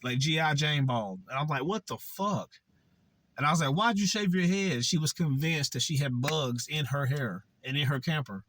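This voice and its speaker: Young male vlogger, candid and profane storyteller, mid-pitched voice, dry recording. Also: no echo. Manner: blunt, profane and conversational.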